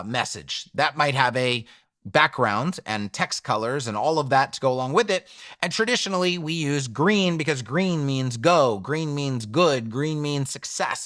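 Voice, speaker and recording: A man walks viewers through a web design tutorial, chatting casually and asking questions that he then answers himself. His voice is bright and a little high. The sound is dry and close, with almost no room echo. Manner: conversational, asks and answers his own questions. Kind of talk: screen-share tutorial walkthrough.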